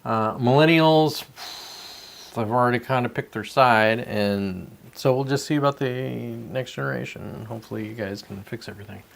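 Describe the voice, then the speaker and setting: A man's voice: mid-range voice, moderate pace, vocal fry. Man rambling on a casual livestream. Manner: rambling, talks to chat viewers by name; sips coffee between remarks. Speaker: livestream host. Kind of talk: casual solo livestream chat.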